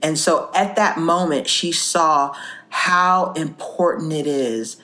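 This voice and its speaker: A woman co-hosting a faith podcast, telling stories in a lively way and acting out the people in them. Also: low-pitched, takes it slowly. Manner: animated storyteller, acts out quoted voices. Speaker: co-host. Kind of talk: faith podcast chat and storytelling.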